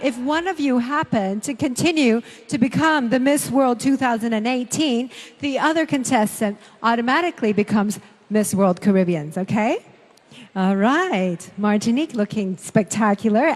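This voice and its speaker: High-voiced woman hosting a live pageant. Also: expressive, moderate pace, in a large hall. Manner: upbeat, teasing. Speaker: pageant host. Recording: live show with music and crowd.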